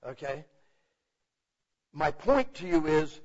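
A man's voice: a little high, normal speed, long pauses, husky. A man teaching the Bible in a loose, conversational way, often checking in with "okay?". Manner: animated, asks for agreement with repeated "okay?". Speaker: preacher. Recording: muffled, lo-fi recording.

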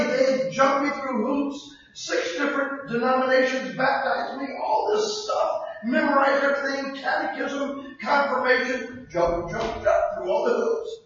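An older man preaching a sermon in a conversational way that breaks into sudden shouts, recorded from a distance in a church hall. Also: very high-pitched, measured pace, few pauses. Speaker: pastor. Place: church sanctuary. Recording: distant echoey hall, dull sound.

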